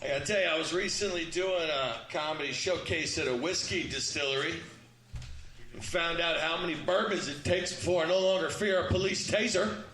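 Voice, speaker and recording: A man doing a stand-up comedy set, with a loud, punchy delivery and acted-out quotes. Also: a little high, a little fast, roomy sound.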